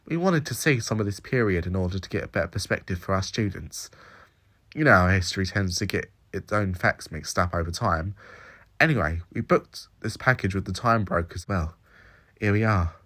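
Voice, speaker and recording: A man's voice: deep voice, expressive, normal speed, a bit bright. A man doing a chatty young woman teacher.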